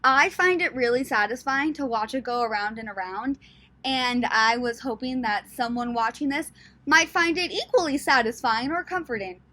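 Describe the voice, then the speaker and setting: A young woman chats on in a casual travel vlog, thinking aloud as she goes, with a light Southern US accent slipping into her words. Her voice sits a little high and sounds bright and forceful. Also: normal speed. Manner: chatty and rambling, thinking aloud. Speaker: travel vlogger.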